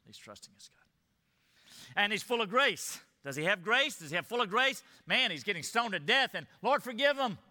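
A man preaching a sermon as a pastor, earnest, rising to emphatic peaks and dropping low. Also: lively intonation, fairly quick, few pauses, bright, forceful tone. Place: church sanctuary. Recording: long hall reverb.

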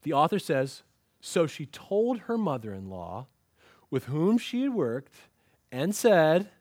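A man delivers a lively sermon, dramatizing the story as he goes. His voice sits fairly high for a man. The recording is dry and close, with little room sound. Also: normal speed, no room sound. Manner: animated storytelling, acts out quoted lines. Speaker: pastor. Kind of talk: expository sermon.

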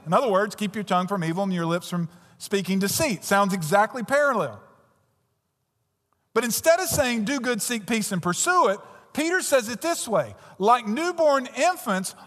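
A man preaching a sermon as pastor, putting direct questions to his congregation and swinging between emphatic and hushed delivery. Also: extremely high pitch, in a large hall.

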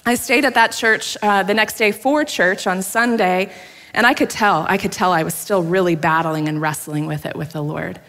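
A woman's voice: on the low side, moderate pace, fairly bright tone. A woman pastor giving a sermon, telling a personal story candidly, laughing at herself now and then. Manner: candid, self-deprecating storytelling with frequent laughs. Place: church sanctuary. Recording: long hall reverb.

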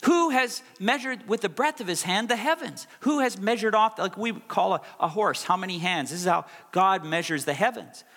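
A man's voice: sits high, lively intonation, normal speed, hardly any pauses, fairly bright tone. A middle-aged male pastor preaching a sermon, stressing and repeating key phrases for effect. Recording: long reverb of a large hall.

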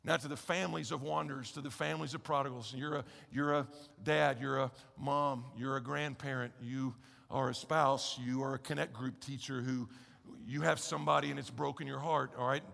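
A man's voice: medium pitch, steady tone, fairly quick, gravelly, a bit bright. A man preaching a sermon as a pastor, emphatic and conversational, often telling listeners to listen. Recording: reverberant hall sound.

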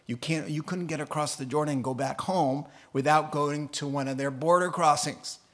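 A middle-aged man preaching a sermon, animated and often laughing as he mimics accents to make his point. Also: a little high, normal speed. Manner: animated, laughing, putting on funny accents for examples. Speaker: pastor.

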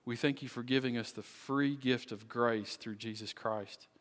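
A man preaching as pastor at the end of a sermon, earnest and pleading, with slow, deliberate phrasing. His mid-range voice rings with the long reverb of a church sanctuary. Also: mid-range voice, steady tone, a bit bright. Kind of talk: sermon closing and prayer.

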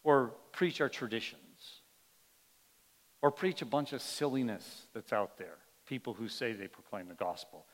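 A man's voice: medium pitch, lively intonation, a little slow. A man preaching a sermon as pastor, earnest and emphatic, often letting his voice drop at the end of a point. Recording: long hall reverb.

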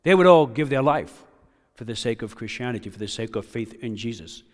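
A man's voice: medium pitch, expressive, brisk. Impassioned male preacher in a reverberant hall. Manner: swings from hushed to loud and impassioned. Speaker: pastor. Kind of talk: sermon.

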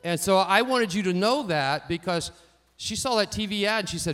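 A man preaching a sermon, telling personal stories and swinging from quiet asides to louder emphatic lines. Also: high voice, lively intonation, normal speed. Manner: storytelling, varies loudness widely, rising for emphasis. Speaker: pastor.

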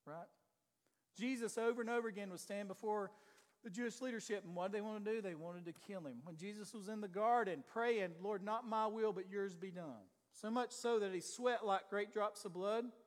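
A man with a high, light voice preaches a sermon. His lines climb to loud, rising peaks and then fall to quiet asides as he presses his listeners with questions. The sound carries the long echo of a church hall. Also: normal speed. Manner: preaches with sudden loud rises and quiet drops, asks the congregation questions. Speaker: pastor.

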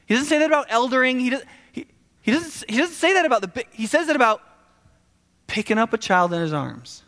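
A man delivers a sermon in a loose, chatty style, stumbling over restarts and tossing in quick asides. His voice sits high for a man. The sound rings with the long reverb of a large hall. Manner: animated, conversational preaching with frequent restarts and asides. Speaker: pastor.

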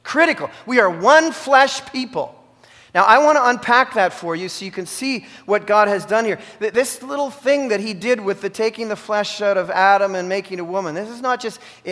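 A male pastor delivers a sermon with a high, bright, forceful voice. He talks in an animated, exclaiming way and restarts his sentences often. A long reverb from the church hall trails after each phrase.

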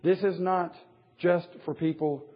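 Husky guy preaching to a men's bible study, wry asides, muffled lo-fi sound. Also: fairly high pitch, steady tone, unhurried. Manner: emphatic, wry asides, chuckles at his own points. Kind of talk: sermon. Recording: dull lo-fi recording.

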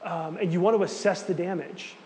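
A man's voice: high voice, steady tone, a little fast, a little mellow. A man giving a casual, conversational teaching talk with many fillers and asides. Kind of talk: sermon-style teaching talk. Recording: hall reverb with faint background noise.

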